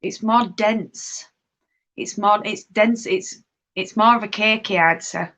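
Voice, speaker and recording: A woman's voice: mid-range voice, takes it slowly, fairly bright tone. A woman hosting a live stream, chatting casually while knitting and answering viewer comments, laughing often. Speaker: livestream host.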